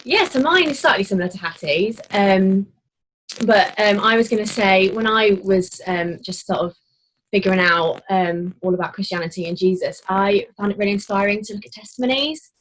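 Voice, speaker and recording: A woman's voice: mid-range voice, moderate pace, fairly bright tone, slight background noise, low-quality recording. A young woman, a youth leader, speaking reflectively in a casual chat, hesitating with many ums.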